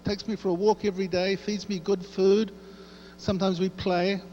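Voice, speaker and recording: A man's voice: sits high, flat delivery, normal speed, dark tone, a little hiss or hum, natural voice. A man voicing a friendly talking farm dog in a joke, chatty and easygoing. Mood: content. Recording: echoey hall, dull sound.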